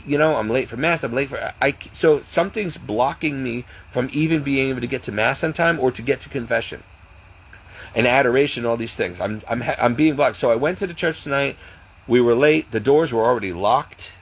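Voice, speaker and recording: Male vlogger, slightly high and gravelly voice; anxious, rambling delivery; faint crickets behind. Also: a little hiss or hum, rough recording. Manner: anxious, rambling, repeats himself. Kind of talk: casual personal monologue to camera.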